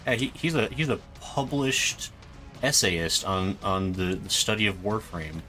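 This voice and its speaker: A very deep yet bright, crisp-edged male voice chats casually during a game stream, teasing his friends with dry jokes. Soft game music hums in the background. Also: unhurried. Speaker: streamer playing online. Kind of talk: casual gaming chat.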